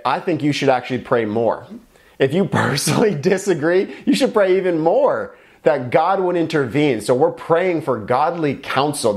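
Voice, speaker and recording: A man's voice: mid-range voice, a little mellow. A man from the United States delivering a short devotional message as a pastor, earnest and encouraging in a conversational preaching manner.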